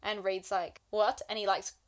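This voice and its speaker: A young woman with a mid-range voice talks about a novel in relaxed conversation. She is animated and teasing, often breaking into laughter while she retells scenes. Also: mid-range voice, fairly quick. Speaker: book podcast co-host. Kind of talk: casual chat about a novel.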